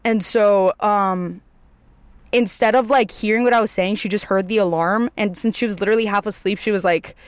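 A young adult storyteller chatting straight to camera, loose and rambling, with plenty of swearing and "like" in every sentence. The voice sits at a middle pitch and keeps jumping up when replaying moments of panic. The recording is close and dry, with no room sound. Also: moderate pace, clean tone, no echo. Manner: rambling, heavy swearing, filler "like"; animated, jumps up in pitch for quoted panic. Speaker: vlogger telling a storytime.

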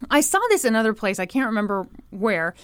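A woman's voice: mid-range voice, quick pace, clear, resonant tone, no room sound, studio quality. A woman co-hosting a podcast, telling a true crime story in a casual, sarcastic way and acting out the people she quotes. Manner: animated, sarcastic, acts out quotes with laughs.

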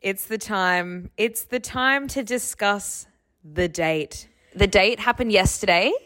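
A woman co-hosting a podcast, talking in a gossipy, animated way with quick asides. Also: mid-range voice. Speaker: podcast co-host. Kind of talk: casual chat.

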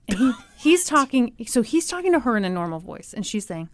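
A woman's voice: on the high side, brisk. A woman podcast host telling a story with sarcastic humor and frequent laughter. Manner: sarcastic, animated, laughs often. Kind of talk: comedic storytelling.

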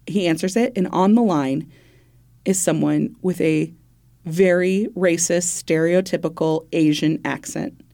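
A woman's voice: lowish voice, measured pace, creaky, mellow. A woman co-hosting a podcast, telling a true-crime case in a loose, conversational way, laughing often and swearing now and then. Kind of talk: casual true-crime storytelling.

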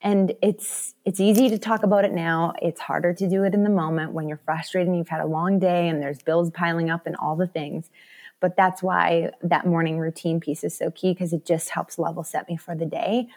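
Woman in her 30s on a podcast, kinda low voice, tells stories and acts stuff out. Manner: animated storytelling, acts out her own voice. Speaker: podcast guest. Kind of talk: casual interview chat.

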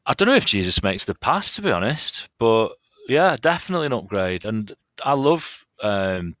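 A Mancunian man gushes about his favourite player. His deep voice is bright and recorded dry. He sounds like a devoted fan. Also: sing-song, moderate pace, dry recording. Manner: enthusiastic fan, gushing. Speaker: fan guest on podcast. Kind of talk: casual football chat.

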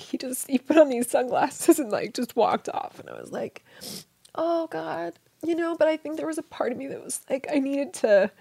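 A woman speaking in a fairly high voice with a gravelly, creaky edge. She tells a personal story in an interview, tender and hushed, often sinking into a soft whisper. The recording is close and dry, with no room sound. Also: no room sound. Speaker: interview guest.

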